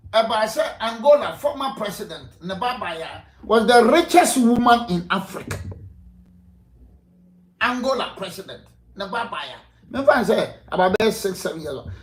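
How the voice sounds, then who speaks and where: A man's voice: high voice, a bit bright, echoey room. A man with a Ghanaian accent giving impassioned, rhetorical interview answers, often laughing between points. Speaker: political guest. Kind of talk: impassioned interview answers mixing Twi and English.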